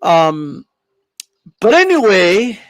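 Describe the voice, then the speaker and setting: Lively high-voiced man with gravelly edges. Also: extremely slow, no room sound. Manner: joking, animated, lots of "you know what I mean". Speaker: boxing podcast co-host. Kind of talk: casual chat.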